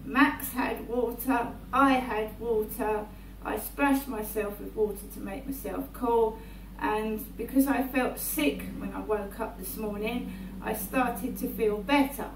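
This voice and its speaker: Woman, slow deliberate talk, raised pitch, echoey room, far from the mic, faint hum. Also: fairly even intonation. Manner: repetitive, often checks in with "right?". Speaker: vlogger. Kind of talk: rambling personal monologue. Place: indoors in her flat.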